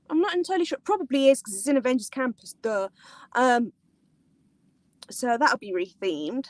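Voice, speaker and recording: A woman hosting a casual live-stream chat, excitable and rambling, giggling often and using lots of fillers. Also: high-pitched, no room sound, poor audio. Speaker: host of a live theme park chat.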